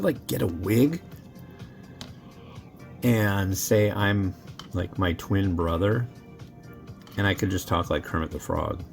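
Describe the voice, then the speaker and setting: Cooking and tasting instant noodles for his viewers, this reviewer chats casually and rambles as he goes. His voice is gravelly and fairly low in pitch.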